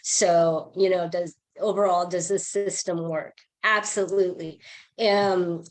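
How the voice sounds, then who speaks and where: A woman telling a casual sales story on a group call, chatty and animated, acting out what people said. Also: lowish voice, measured pace. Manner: chatty, animated, acts out quoted dialogue. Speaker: team member sharing a sales story.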